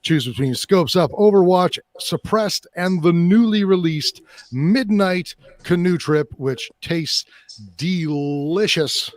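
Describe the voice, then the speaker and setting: A man's voice: high-pitched, takes it slowly, pitched above the performer's own voice. A man doing a joking, exaggerated Canadian accent while reading a sponsor ad. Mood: mock-folksy. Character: man hamming up a folksy Canadian ad-reader. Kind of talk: jokey ad read.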